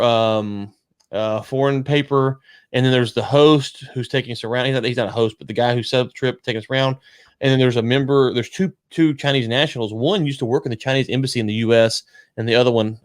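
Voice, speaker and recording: A man's voice: mid-range voice, no room sound, studio quality. A man co-hosting a casual talk show, telling a long story with lots of quoted dialogue and restarts. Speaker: podcast co-host.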